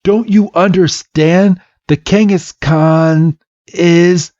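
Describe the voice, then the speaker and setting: A man's voice: medium pitch, expressive, a little slow, darkish tone, dry recording. A man voicing a cocky, condescending boy rival in a smug, taunting manner. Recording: dull lo-fi podcast mic.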